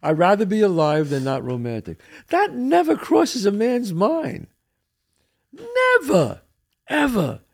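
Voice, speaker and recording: Animated, gravelly older man host. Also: high voice, a little slow, hardly any pauses. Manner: animated storyteller, repeats words, street-wise. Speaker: podcast host. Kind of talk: casual chat.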